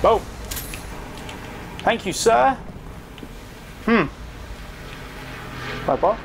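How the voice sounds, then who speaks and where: A man commenting on his own gameplay with a high, bouncy voice that swings all over the place. He talks slowly and chats to his viewers. Game gunfire and noise sit clearly under him. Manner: excitable, chatty, talks to viewers, swears. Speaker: gaming video host.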